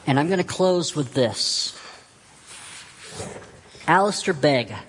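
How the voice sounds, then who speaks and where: Brief: unhurried male pastor preaching, earnest and repetitive, long hall reverb. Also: fairly high pitch, lively intonation, fairly bright tone, a little hiss or hum. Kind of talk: sermon.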